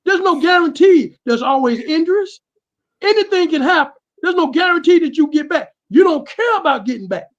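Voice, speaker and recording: A man talking on a sports podcast in a halting way, often repeating his first words before a sentence gets going. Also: very high-pitched, expressive, dull audio. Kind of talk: casual sports podcast chat.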